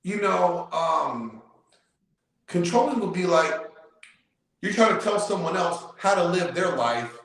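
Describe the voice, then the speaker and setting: Appearing as a guest on a show, a man argues casually in a high, sing-song voice with a bright edge and some vocal fry. He speaks at a measured pace with frequent pauses, pressing his point emphatically and repeating himself. The room is very echoey.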